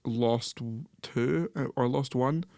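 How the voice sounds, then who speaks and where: A man's voice: mid-range voice, slow pace, dark tone, no room sound, studio quality. A man co-hosting a podcast, chatting casually about football, laughing often and correcting himself. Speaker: podcast co-host.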